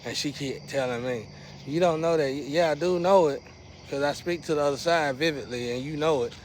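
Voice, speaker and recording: A vlogger rambles casually to his viewers in loose slang, his loudness swinging restlessly. His voice is on the high side and brisk, with slight background noise.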